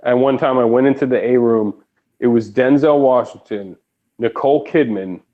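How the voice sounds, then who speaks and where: A man's voice: mid-range voice, normal speed. A man in casual chat, a laid-back recording engineer who swears freely and mumbles. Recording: dull lo-fi sound.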